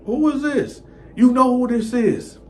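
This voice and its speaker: A man voicing a furious pregnant young girlfriend with a shrill, accusing voice. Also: a little slow, a little mellow, a little hiss or hum, natural voice. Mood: threatening. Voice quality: shrill, high-pitched. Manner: accusing, confrontational.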